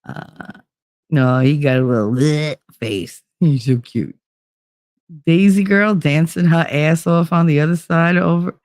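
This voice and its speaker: A woman's voice: sits low, unhurried, a little mellow, dry recording. A woman from New Jersey hosting a casual livestream, rambling and swearing as she reads chat, sleepless and frazzled. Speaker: livestream host.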